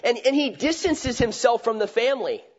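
High-voiced man preaching a sermon. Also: animated, moderate pace. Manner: conversational, asks rhetorical questions, restarts phrases. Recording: dull lo-fi recording.

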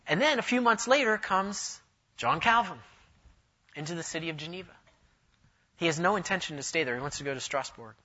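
A man preaching a sermon, telling a story in an animated way, his voice rising and swelling for emphasis. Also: a little high, fairly quick, long pauses, muffled recording.

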